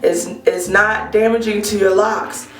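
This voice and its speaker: A woman's voice: medium pitch, steady tone, unhurried, a bit bright, far from the mic. A woman with a cold and a scratchy voice, chatting through a casual product review vlog and talking straight to her viewers with frequent ums. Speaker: hair care vlogger. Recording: roomy sound from off-mic with faint guitar music.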